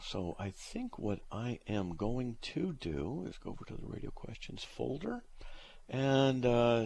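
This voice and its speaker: A man's voice: fairly low pitch, vocal fry, darkish tone, slight background noise. A middle-aged man hosting a live call-in radio show, answering listener questions in a blunt, plain-spoken way with dry, teasing humor.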